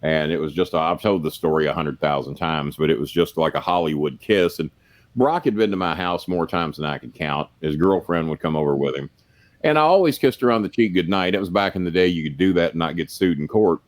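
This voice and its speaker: Older guy with a real low voice, rambling and cussing through old stories. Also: brisk. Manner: rambling, profane, plain-spoken. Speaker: podcast guest, former wrestling manager. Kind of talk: casual storytelling.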